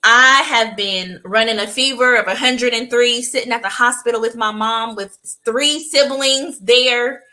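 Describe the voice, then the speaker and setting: A woman co-hosting a podcast, telling personal stories in casual chat with an expressive, emphatic delivery. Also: on the high side, a little slow, hardly any pauses, poor audio. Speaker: podcast co-host.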